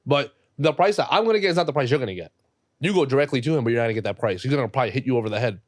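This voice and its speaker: Fast-talking young man, casual and profane. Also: mid-range voice, no echo, studio quality. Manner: rapid, profane, animated street slang. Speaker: jeweler guest. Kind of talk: casual podcast conversation.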